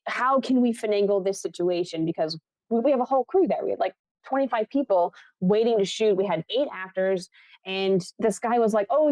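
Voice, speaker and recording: A woman's voice: mid-range voice, mellow, no room sound. A young woman from Buffalo, New York, a film assistant director, telling a story in a casual interview. She acts out the people she quotes and laughs often.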